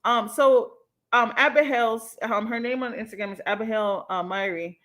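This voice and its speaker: A young woman hosts a casual livestream from her home mic. Her voice sits a little high and rings bright and sharp. She talks in an animated, emphatic way and swears freely. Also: normal speed. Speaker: livestream host.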